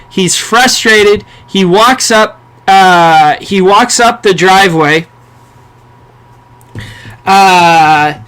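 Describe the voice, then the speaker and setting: Bright high-voiced man in casual film chat. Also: clear, resonant tone. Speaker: podcast co-host.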